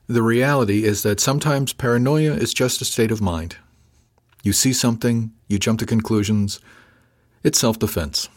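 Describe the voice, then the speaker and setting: A man narrating a first-person novel in a measured, dry, even storytelling manner. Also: lowish voice. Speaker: audiobook narrator.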